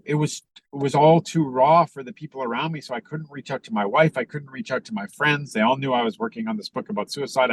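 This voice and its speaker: A man's voice: mid-range voice, no room sound. Earnest middle-aged man on a video call. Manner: earnest, halting, with frequent fillers and restarts. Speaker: podcast guest, author. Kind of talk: reflective conversational talk.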